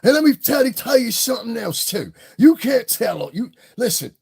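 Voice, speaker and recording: A man putting on a brash, cheeky mock Cockney voice, high and loud in exaggerated imitation. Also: sing-song, normal speed, gravelly, breathy edge, exaggerated voice.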